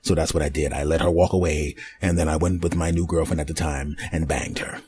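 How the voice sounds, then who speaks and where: Male podcast host, deep and dark-toned, rambling crude comic storyteller. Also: fairly even intonation, a little fast. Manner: crude, rambling, mock-dramatic. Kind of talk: comedic storytelling monologue.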